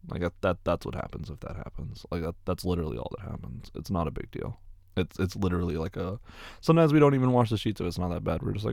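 A young man with a deep, gravelly voice answers his viewers' questions in a loose, rambling way, often repeating words and swearing casually. The sound is dry and close. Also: fast, a little mellow, dry recording. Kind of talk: casual Q&A chat.

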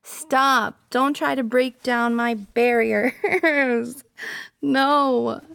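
A woman's voice: on the high side, fairly even intonation, extremely slow, vocal fry, a bit bright, clear, resonant tone, dry recording, full character voice. A young woman voicing a jealous, possessive girlfriend in an audio role-play, pouty and teasing, sometimes dropping to a whisper.

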